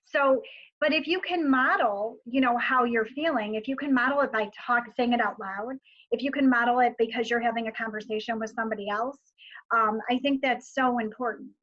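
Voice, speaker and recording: A woman's voice: a little high, a little fast, fairly bright tone, lo-fi sound. A woman speaking conversationally as an education specialist, with many "you know" fillers. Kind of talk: casual discussion.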